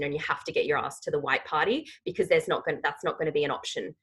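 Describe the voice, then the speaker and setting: A woman's voice: deep voice, fast, a bit bright, breathy edge, low-quality recording. A woman in her thirties leading a team training call, emphatic and rallying, often checking in with "okay?".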